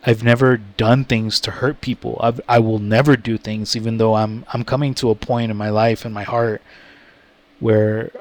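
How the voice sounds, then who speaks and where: A man vlogger telling a story to his viewers, blunt and profane, talking slowly and rambling. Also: on the low side, little pitch movement, darkish tone. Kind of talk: casual story time to camera.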